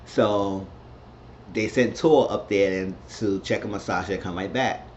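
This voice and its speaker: A man talks through a TV episode recap in a loose, rambling way, padding it with filler phrases. His voice sits low. The recording sounds dull and lo-fi, with a faint hiss behind him. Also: unhurried, darkish tone. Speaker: TV recap reviewer.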